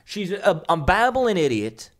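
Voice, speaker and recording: A man's voice: high-pitched, sing-song, a little slow. A man giving a heated, mocking commentary in a casual ranting style. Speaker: political commentator.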